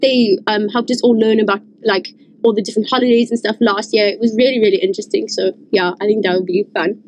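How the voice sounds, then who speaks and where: A woman's voice: mid-range voice, fairly even intonation, fast, a little mellow, slight background noise, rough recording. A young woman from Africa, chatting and asking questions in a casual podcast, bubbly and full of "like" fillers. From South Africa. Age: young adult. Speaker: student union leader asking the questions.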